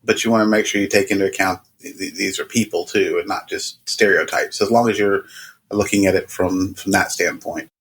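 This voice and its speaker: A man with a fairly low voice co-hosts a podcast. he talks in a halting way and keeps restarting his sentences as he thinks aloud. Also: steady tone, fairly bright tone. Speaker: podcast co-host. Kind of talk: casual chat.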